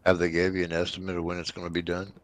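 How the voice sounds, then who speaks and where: A man's voice: low voice, completely flat delivery, racing, no room sound. A man chiming in with brief, dry remarks during a casual chat.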